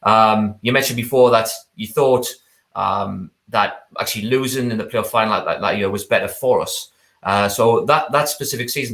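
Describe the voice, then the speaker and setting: A man's voice: on the low side, a bit bright. A man hosting a live fan talk-in, joking with his guest and reading out viewer questions. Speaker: host. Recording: echoey room.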